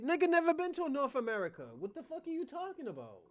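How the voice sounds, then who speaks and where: A young adult man hosting a livestream, delivering a combative, profane rant that swings between loud outbursts and muttered asides. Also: extremely high pitch, wildly swooping pitch, fast, no echo. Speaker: podcast host.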